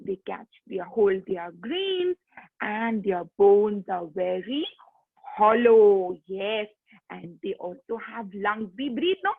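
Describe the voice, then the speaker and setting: A woman's voice: mid-range voice, lively intonation, slow pace, vocal fry, husky, no room sound. A woman teaching young children, coaxing them in a sing-song voice to join in. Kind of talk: online kids' lesson. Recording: tinny phone-like line.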